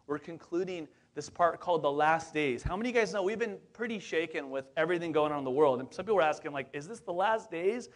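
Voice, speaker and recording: A man's voice: fairly high pitch, quick pace, few pauses. A lead pastor in his forties preaching a casual sermon, chatty and upbeat, talking straight to the congregation with plenty of fillers and asides.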